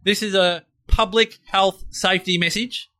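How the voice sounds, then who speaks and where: Male podcast co-host, high bright voice, hyped, jokey. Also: steady tone, measured pace. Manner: enthusiastic, playful hyperbole. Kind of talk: casual podcast chat.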